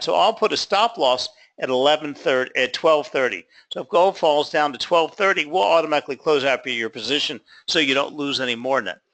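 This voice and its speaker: A man teaches a trading class by telling a story and playing out both sides of a phone call. His voice sits a bit high, with a gravelly edge and a bright, forceful tone. He talks casually, with plenty of "you know.". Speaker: trading instructor. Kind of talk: class lecture told as an anecdote.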